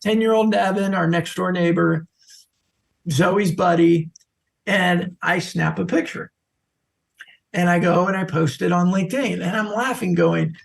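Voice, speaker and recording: A middle-aged man, a social selling expert, telling lively stories as a podcast guest. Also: sits high, a little slow, vocal fry. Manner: animated anecdotal storyteller. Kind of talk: podcast interview storytelling.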